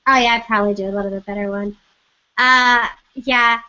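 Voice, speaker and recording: An actress guest chatting in a casual interview, bubbly and giggly. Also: female voice, on the high side, steady tone, brisk, bright, forceful tone, highs cut off.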